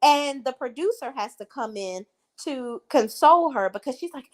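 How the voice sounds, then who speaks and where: Woman vlogger, sassy recap, very lively pitch, blunt takes. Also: normal speed. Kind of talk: reality TV recap commentary.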